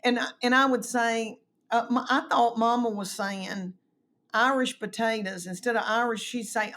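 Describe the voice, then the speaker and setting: A woman's voice: fairly high pitch, moderate pace. Folksy Southern woman telling stories. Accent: Southern US, East Tennessee. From Tennessee, US South. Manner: animated, folksy storyteller who acts out quotes. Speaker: guest comedian. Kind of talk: storytelling in a casual chat.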